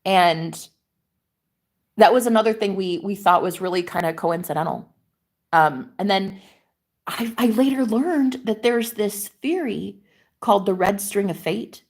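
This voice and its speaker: A woman's voice: medium pitch, measured pace. Profane, emphatic woman vlogging. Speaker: manifestation coach. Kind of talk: casual vlog monologue.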